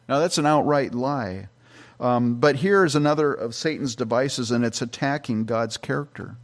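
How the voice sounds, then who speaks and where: A man's voice: mid-range voice, normal speed. A middle-aged man, a pastor, giving a conversational Bible-teaching sermon with frequent restarts and fillers.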